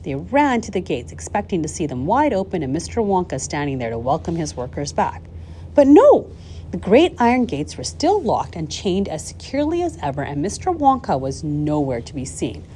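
Woman reading a kids' book aloud, lots of pitch swing, mellow tone, little hiss behind. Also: a little fast, few pauses. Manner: lively expressive storytelling with small slips. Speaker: audiobook reader. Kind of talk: reading a children's novel aloud.

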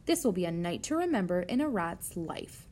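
A woman's voice: fairly low pitch, big pitch swings, normal speed, darkish tone. A woman playing a sneering greedy rat. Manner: sneering, boastful.

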